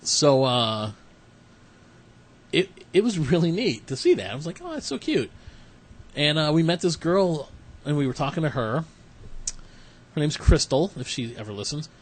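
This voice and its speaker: A man's voice: a little high, lively intonation, normal speed, pauses often. Chatty man acting out his stories. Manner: rambling storyteller, acts out quotes. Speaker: podcast co-host. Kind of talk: casual chat.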